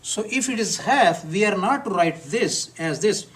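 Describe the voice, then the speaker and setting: A man teaching a live class, who speaks deliberately and repeats words to model how they are pronounced. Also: high voice, lively intonation, far from the mic. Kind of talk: live classroom lecture on pronunciation.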